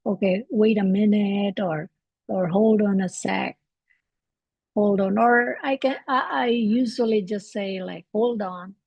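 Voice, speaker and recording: A woman hosting a live English lesson from home, talking in a relaxed, halting way with many fillers and restarts. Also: mid-range voice, gravelly, breathy edge, no room sound, highs cut off. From Canada. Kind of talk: casual livestream teaching.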